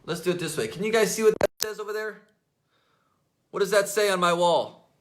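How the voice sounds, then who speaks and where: This is motivational coaching to camera: a high-pitched network marketing coach at his office desk, slightly hoarse, talking with emphatic energy. He keeps repeating the key points and sprinkling "right?" and "okay?" between phrases, with a roomy echo on the sound.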